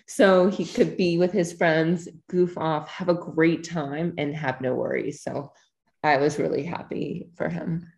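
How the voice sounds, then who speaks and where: A woman with a slightly low voice tells her side of the story as a podcast guest, chatty and conversational. Her voice carries a noticeable echo from the room around her. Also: fairly even intonation, measured pace, creaky, a little mellow. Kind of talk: casual interview chat.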